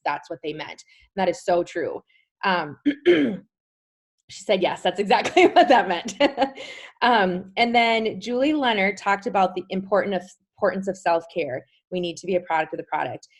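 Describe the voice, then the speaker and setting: Woman, 30s, video-call host, casual and enthusiastic, mid-range voice. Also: medium pitch. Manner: chatty, says "like" often, warm enthusiasm. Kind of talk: casual recap talk.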